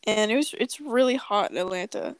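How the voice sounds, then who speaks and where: A woman's voice: medium pitch, lively intonation, a little fast, no echo. A young woman co-hosting a podcast, telling a story in a joking, profane, casual way. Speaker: podcast co-host. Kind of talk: casual chat.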